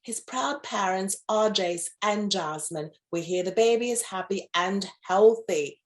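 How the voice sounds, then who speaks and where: A woman hosting a playful pet news show, reading stories and breaking into campy, gushing asides. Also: a little slow. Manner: campy, gushing asides with sudden high squeals. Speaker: news host.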